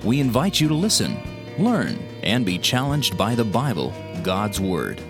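A man giving the scripted introduction to a radio program in a lively announcer's delivery. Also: on the low side, measured pace, music in the background.

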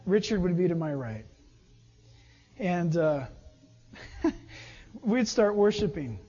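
A man preaching a sermon as a pastor, telling personal stories in an animated way and often laughing. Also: high voice, slow pace, husky, in a large hall, muffled recording.

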